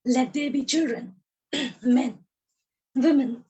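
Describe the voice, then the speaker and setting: A woman's voice: high-pitched, slow pace, dark tone. A woman reciting her own poem on a video call, repeating lines for emphasis, her voice tiring. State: voice tiring, coughing. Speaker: poet reading her work. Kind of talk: poetry recital.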